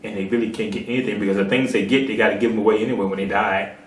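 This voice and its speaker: A man's voice: lowish voice, steady tone, rapid-fire. A man preaching a sermon, telling a parable and rising to emphatic peaks. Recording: echoey room, far from mic.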